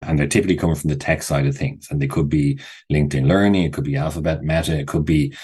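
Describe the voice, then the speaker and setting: A man's voice: rumbling low, steady tone, fast, a little mellow, husky. A middle-aged man speaking as a podcast guest, an associate professor explaining ideas thoughtfully and restarting phrases often. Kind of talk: podcast interview.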